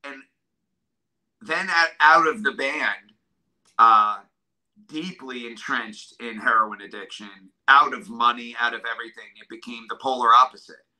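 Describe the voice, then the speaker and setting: A middle-aged man from New York State, talking in an interview about hard times in an earnest, halting way that keeps getting emotional. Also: medium pitch, pushed and bright, low-quality recording. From New York State, USA. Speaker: drummer and guest.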